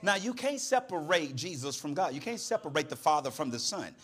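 High-pitched preacher guy, fiery, amen after every line, call and response. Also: very animated, fairly quick, fairly bright tone, slightly rough. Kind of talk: sermon.

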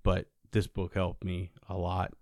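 A man's voice: low-pitched, completely flat delivery, unhurried, darkish tone, dry recording, studio quality. A young adult man co-hosting a podcast, chatting casually and rambling with lots of fillers. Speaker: podcast co-host. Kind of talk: casual chat.

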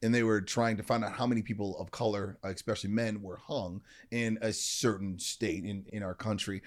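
A man's voice: lowish voice, steady tone, a little fast. Earnest man telling his story. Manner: earnest, leans on "right?" and "you know". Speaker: guest, motivational speaker. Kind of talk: personal storytelling in conversation.

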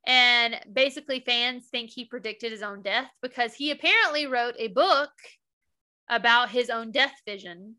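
A young woman chatting casually as a podcast co-host, bright and a little high in tone. She recaps the story with open, gushing feeling, easily moved. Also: normal speed. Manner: emotional, gushing recap with laughs and quoted lines. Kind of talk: casual chat.

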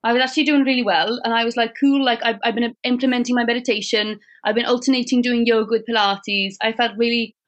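A woman's voice: on the high side, steady tone, quick pace, few pauses, lo-fi sound, close to an everyday voice. A woman talking in a put-on Welsh accent, chatty and rambling in casual conversation. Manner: chatty, rambling, sing-song. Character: young woman telling her week in a mock Welsh lilt. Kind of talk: casual chat.

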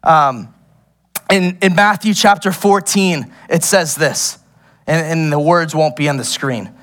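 A young man preaching a sermon as pastor, animated and laughing often, drifting into playful tangents. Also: on the high side, unhurried.

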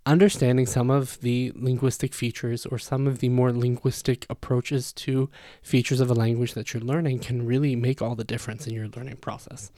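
Man, podcast host, casual explainer, demonstrates pronunciations, dry close recording, average pitch. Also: level tone, moderate pace, mellow, no room sound. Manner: explains sounds by demonstrating them; chatty, self-deprecating. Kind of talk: casual language-learning talk.

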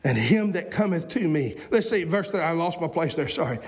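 A man in his forties preaching a sermon in a folksy way that rises into shouting. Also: fairly high pitch, expressive, brisk. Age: 40s. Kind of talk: fiery sermon.

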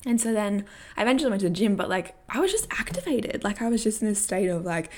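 A woman's voice: medium pitch, expressive, brisk, a little mellow. A young woman vlogger telling a story and giving coaching tips in a candid, casual way, swearing freely and laughing often. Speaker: personal growth vlogger.

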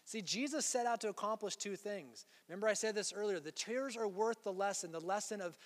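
A man's voice: high voice, a little fast, long reverb tail. A pastor preaching an earnest sermon, reading scripture aloud between his explanations.

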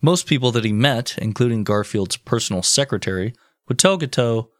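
A man's voice: mid-range voice, fairly quick, dry recording, clean studio sound. A man co-hosting a podcast, telling a history story in casual chat, swearing freely. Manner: swearing, animated, deadpan jokes. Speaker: podcast co-host.

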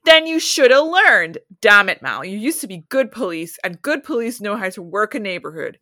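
A woman voicing a gruff, exasperated male street informant who scolds bluntly. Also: medium pitch, sing-song, normal speed, pushed and bright, no echo, clean studio sound. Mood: scolding.

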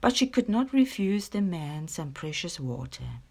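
A woman from Africa, reading a children's story aloud in an expressive storytelling manner. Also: lowish voice, gravelly, slightly rough. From South Africa. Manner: expressive, slow-paced storytelling.

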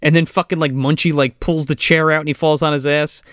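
A man's voice: a little high, fairly quick, no room sound, clean studio sound. A man in casual podcast chat, animatedly retelling a movie scene by scene, swearing freely and acting out the characters. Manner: animated storyteller, acts out characters, swears a lot, frequent "like".

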